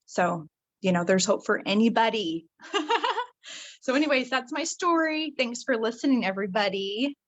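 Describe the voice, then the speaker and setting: A woman's voice: fairly high pitch, expressive, normal speed. Modest woman telling her story, muffled lo-fi call sound. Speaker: testimonial speaker. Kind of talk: personal story.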